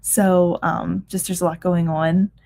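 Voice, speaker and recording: A woman's voice: fairly low pitch, little pitch movement, measured pace, vocal fry, dark tone. Tired chatty woman streamer. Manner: chatty, many ums and restarts, laughs often. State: tired, yawning. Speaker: reading sprint livestream host. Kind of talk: casual chat reading live comments.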